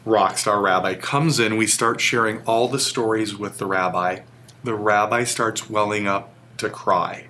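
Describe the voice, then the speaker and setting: A man's voice: on the low side, fairly even intonation, unhurried, bright, forceful tone, a little hiss or hum. A man as an interview guest, telling a personal story in an earnest, emotional way. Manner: earnest, emotional, vivid retelling.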